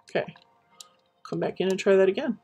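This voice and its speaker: A woman chatting casually while building in a game, rambling and reminiscing with many pauses and fillers. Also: medium pitch, warm tone, slight background noise. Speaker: Minecraft streamer.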